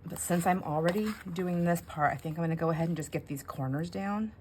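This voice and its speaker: A woman's voice: fairly low pitch, a little fast, darkish tone, a little hiss or hum. A middle-aged woman vlogging casually while she crafts, rambling and talking to herself with many fillers. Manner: rambling, self-talk with fillers and laughs.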